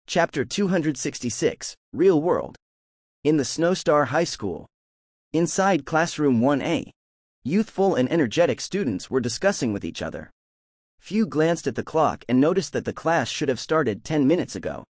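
Male narrator for a novel audiobook, lively reading, dry booth sound. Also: mid-range voice, dry recording.

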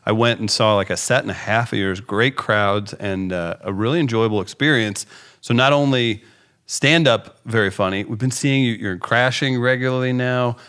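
A man's voice: mid-range voice, moderate pace, fairly bright tone, clean tone. A man hosting a radio show, teasing and upbeat as he interviews a comedian. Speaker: radio host. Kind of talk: casual radio chat.

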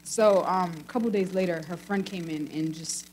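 A young woman telling a church congregation a personal story in a chatty, animated way, with many fillers. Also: fairly low pitch, normal speed, slight background noise, low-quality recording. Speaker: congregation member giving a testimony. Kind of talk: casual testimony.

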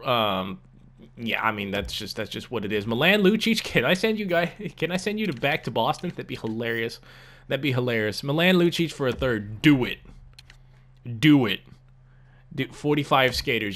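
A young man casually commenting on a sports game as he plays, animated, swearing often and repeating himself. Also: medium pitch, brisk. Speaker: gaming YouTuber.

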